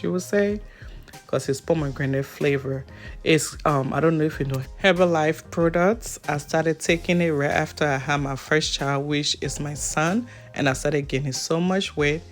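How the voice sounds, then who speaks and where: African-accented woman vlogger, chatty and laughing, with faint music under her. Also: deep voice. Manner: chatty, laughs often, talks straight to the viewer. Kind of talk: casual vlog chat.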